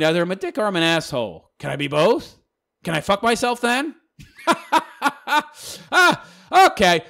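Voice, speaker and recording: A man reads out viewer comments and answers them with sarcastic, mocking replies and frequent laughter. His voice sits high for a man and is gravelly. The delivery leaps around in pitch. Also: big pitch swings, moderate pace, a bit bright. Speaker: channel host.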